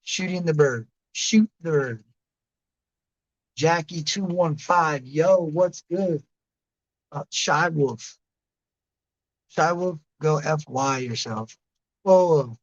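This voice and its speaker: A man's voice: fairly high pitch, slow, pauses often, muffled recording. A man in his late thirties hosting a livestream, rambling casually and answering chatters by name. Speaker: livestream host reading chat.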